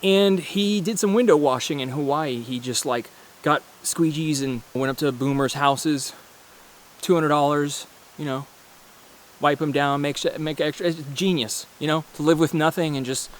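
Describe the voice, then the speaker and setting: A man in his mid-thirties delivers a loose, rambling monologue to his viewers. He is blunt and swears freely, often restarting his sentences as he talks. His voice sits slightly high for a man. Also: moderate pace. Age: 30s. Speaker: vlogger. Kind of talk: casual ranting monologue.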